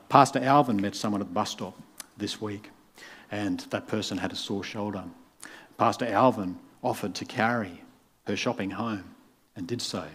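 Pastor telling a story. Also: male voice, on the low side, fairly bright tone, husky. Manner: conversational storytelling, acts out quoted voices. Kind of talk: sermon. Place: church.

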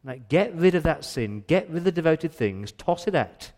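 A man's voice: fairly high pitch, expressive, normal speed, darkish tone, natural voice. Stern, exasperated God figure, voiced by a male preacher; repetitive scolding; hall reverb. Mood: firm correction. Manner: insistent, repetitive rebuke. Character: stern exasperated God rebuking his people.

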